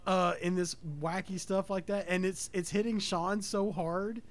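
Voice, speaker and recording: A man talking casually about a film with friends, animated and quick to laugh. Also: high voice.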